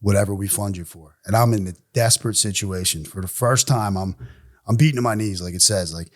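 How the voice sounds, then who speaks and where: A man in his forties with a somewhat low voice tells a hard personal story as a guest on a podcast. He is blunt and swears freely. He brings the story to life by acting out what other people said. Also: fairly quick. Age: 40s. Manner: blunt, profane, animated storyteller; acts out other people's lines in quoted voices. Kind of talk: candid recovery storytelling.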